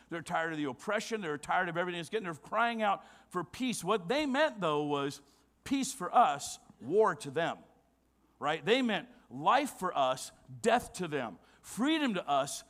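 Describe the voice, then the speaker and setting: A male pastor preaching a sermon. He is emphatic, asks rhetorical questions, and drops to a quiet, low voice for solemn points.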